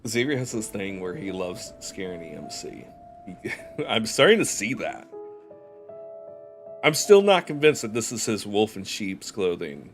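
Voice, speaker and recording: A man's voice: sits low, creaky. Laid-back Southern man reading aloud. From Georgia, USA. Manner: chatty, joking, slow and deliberate when narrating. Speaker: streamer. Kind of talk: casual chat while reading a game story aloud.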